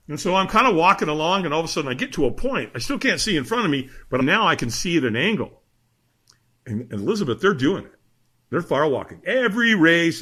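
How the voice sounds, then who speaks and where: A middle-aged man, a podcast guest, telling a story with energy and acting out the voices of the people in it. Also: fairly high pitch. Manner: lively, acts out voices in his story. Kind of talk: animated storytelling.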